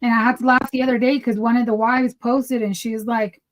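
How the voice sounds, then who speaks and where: A young woman with a slightly high voice talks in a relaxed, casual way. She tells stories with lots of energy and slips into acting out both sides of the conversations she describes. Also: brisk, rough recording. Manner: animated storytelling, acts out quoted dialogue. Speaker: podcast co-host. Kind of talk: casual chat.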